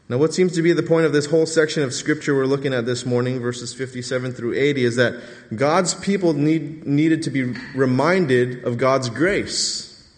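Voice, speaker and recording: Male preacher, slightly higher voice, chatty sermon delivery with rhetorical check-ins, reverberant church hall. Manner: conversational preaching with frequent rhetorical "right?". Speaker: pastor.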